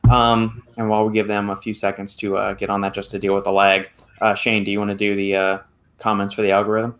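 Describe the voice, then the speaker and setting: A man's voice: lowish voice, level tone, fast, fairly bright tone. A man hosting a livestreamed podcast, easygoing, reading out viewer comments and thanking donors. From America. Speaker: podcast host. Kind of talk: casual chat, livestream hosting.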